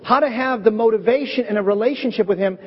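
A man preaching a sermon as pastor, animated and acting out bits of dialogue in different voices. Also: high-pitched, quick pace, husky. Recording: echoey dull hall recording.

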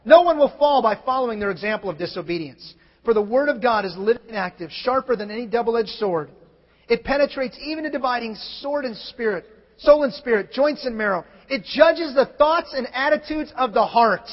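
Male pastor, very high voice, sermon delivery moving from loud scripture to soft confession. Dull, muffled recording. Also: expressive, fairly quick. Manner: swings from shouted scripture to quiet personal confession. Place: church sanctuary. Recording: muffled sound in a large reverberant hall.

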